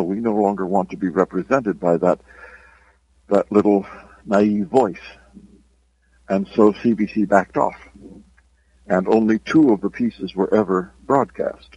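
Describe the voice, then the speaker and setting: Husky older Irish-accented man. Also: fairly low pitch, a little mellow, no room sound, highs cut off. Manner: reflective, unhurried, with hesitant pauses. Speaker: author guest. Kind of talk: interview storytelling.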